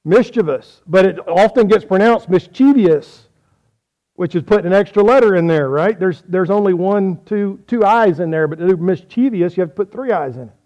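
A man's voice: high-pitched, a little fast, few pauses, darkish tone, highs cut off. A man preaching a folksy sermon, quizzing his audience on how they say words.

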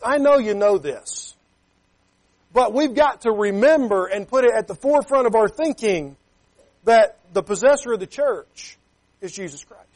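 A man preaching a sermon as a pastor. He talks emphatically, keeps checking with "Okay?", and reads scripture in King James wording. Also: high-pitched.

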